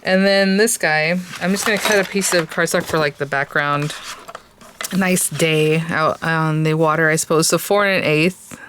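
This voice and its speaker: A woman with a somewhat low voice talks through a crafting tutorial in a relaxed, chatty way. She thinks aloud as she works, trailing off and filling gaps with hesitant ums. A faint hiss sits under the recording. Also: moderate pace.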